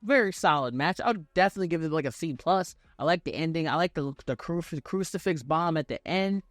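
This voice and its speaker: A man's voice: fairly high pitch, no room sound, clean studio sound. A young man giving a casual, profane, slang-filled review of a wrestling event as the channel's host.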